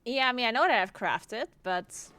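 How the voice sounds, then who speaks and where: This young woman from South Tyrol sounds a little high, animated and sharp yet clean, speaking at a moderate pace. Raised on a German dialect, she chats loosely while gaming on stream, laughing a lot, cursing and dropping "like" constantly.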